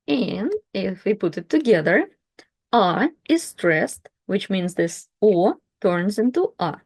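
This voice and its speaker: A woman's voice: medium pitch, very animated, a little slow, a little mellow, dry recording, clean studio sound. A woman teaching reading, spelling out letters and repeating each word three times. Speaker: Russian language teacher. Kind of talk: slow pronunciation lesson.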